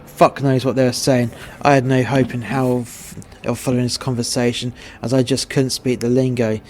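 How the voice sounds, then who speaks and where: Flat-voiced English man, blunt narration. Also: medium pitch, normal speed, slight background noise. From England. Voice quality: crude, blunt. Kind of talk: scripted narration of a short story.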